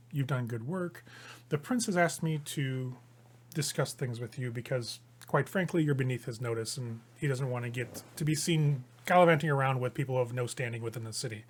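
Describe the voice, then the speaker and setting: A man voicing a cool, condescending vampire noblewoman who speaks in a dry, measured way. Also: mid-range voice, husky, lightly acted.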